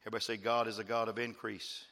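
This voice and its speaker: A man preaching a fervent sermon as pastor, repeating phrases and swinging from quiet asides to loud praise. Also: fairly low pitch, flat delivery, rapid-fire, long reverb tail. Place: church.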